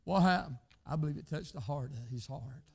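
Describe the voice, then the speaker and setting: An older man preaching a fervent sermon, peppering lines with "hey" and breaking into shouts. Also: a little high, normal speed, creaky, slightly rough.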